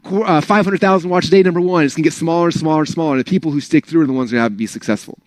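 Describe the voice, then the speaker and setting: A man's voice: a little high, rapid-fire, no room sound. A man giving a casual, rambling motivational talk to an audience of learners, full of "like" and "right?". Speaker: speaker at an online business training.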